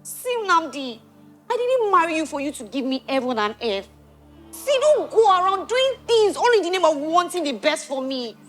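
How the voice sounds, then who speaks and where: A woman plays a weary young wife, emotional and reproachful in a church drama. Her voice is very high and lively, with quiet music behind it. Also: normal speed, heavily acted. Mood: pleading.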